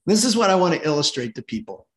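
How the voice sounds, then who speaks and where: A middle-aged man speaks in a somewhat high voice as an energetic podcast guest. He tells anecdotes with animated pacing, slips into the voices of the people in his stories, and chuckles along the way. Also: fast talker. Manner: lively, acts out quoted voices, chuckles while telling. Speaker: podcast guest, sales expert. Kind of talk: animated conversational storytelling.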